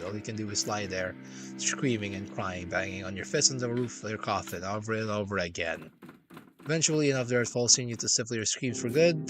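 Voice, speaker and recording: A young man streaming, reading a text game aloud with wry, slangy asides. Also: lowish voice. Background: game music.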